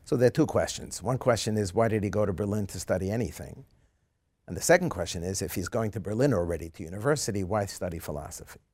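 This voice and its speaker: A man lecturing in a seminar, reading a passage aloud with dramatic, animated delivery and then explaining it. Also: lowish voice, fast.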